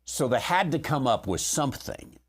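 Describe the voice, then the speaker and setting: A man's voice: medium pitch, big pitch swings, moderate pace, slightly rough. A man hosting a theology question show, working through scripture and thinking aloud as he explains. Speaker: host answering theology questions. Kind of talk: unscripted Bible teaching.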